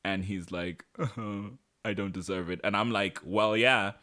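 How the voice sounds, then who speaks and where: A man co-hosting a podcast, recapping a TV episode in casual chat, sarcastic and quick to act out the characters. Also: on the low side, fairly even intonation, pushed and bright. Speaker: podcast co-host.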